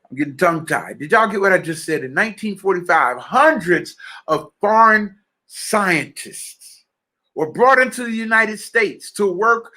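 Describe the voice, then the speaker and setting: Man preaching hard at his listeners, high bright voice, repeats stuff for emphasis. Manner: addresses listeners directly and checks they follow. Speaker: spiritual speaker. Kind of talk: impassioned message to listeners.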